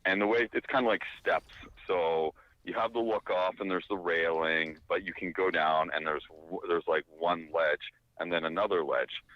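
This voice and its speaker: A man telling a long casual anecdote, animated and rambling, full of fillers and restarts. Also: deep voice, normal speed, no room sound, highs cut off. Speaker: storyteller.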